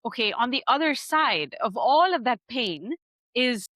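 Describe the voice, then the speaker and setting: Woman, podcast host, bright forceful voice, dry close sound, earnest, effusive, restarts a lot. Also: on the high side, lively intonation, a little slow, no echo. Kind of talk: conversational podcast interview.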